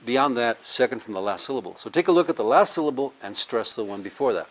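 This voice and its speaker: A man's voice: mid-range voice, animated, fast talker. A man, a university professor, giving a live language lecture, explaining step by step and having the audience repeat words after him. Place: cultural center with a live audience.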